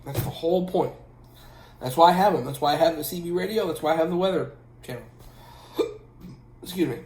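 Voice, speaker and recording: A man's voice: on the high side, a little fast, darkish tone, a little hiss or hum. A man who drives trucks giving casual safety advice at home, emphatic and repeating his points with a frequent "okay?". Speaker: truck driver and channel host. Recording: roomy echo.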